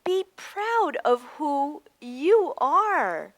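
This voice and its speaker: A woman voicing a kind girl in a storybook who gently encourages her friends. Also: sits high, sing-song, no echo, full character voice. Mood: encouraging. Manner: warm, coaxing, slow.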